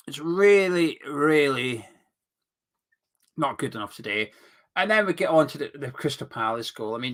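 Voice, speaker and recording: A man's voice: fairly high pitch, sharp tone. Worked-up man ranting. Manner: worked-up, exasperated, sarcastic rants. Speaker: fan channel host. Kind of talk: heated football fan commentary.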